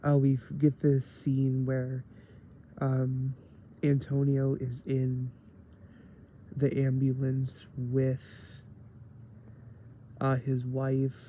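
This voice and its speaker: A man's voice: medium pitch, completely flat delivery, drawn-out words, long pauses, dull audio, slight background noise. A man giving a rambling casual review of a TV episode, tired late at night and full of fillers.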